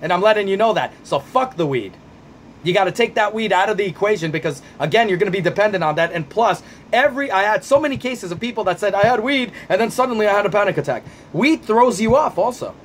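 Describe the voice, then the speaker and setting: A man with a fairly high voice answers viewer questions in a vlog as an anxiety coach. He is blunt and profane, talks with fired-up emphasis, and often repeats himself to drive a point home. A faint hiss sits under his voice. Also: lively intonation, fast.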